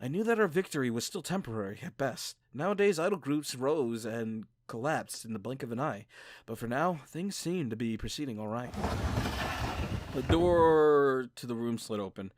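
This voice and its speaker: A man reading a visual novel aloud with joking commentary, laughing at himself and dropping low for the narration. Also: expressive, moderate pace. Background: game music.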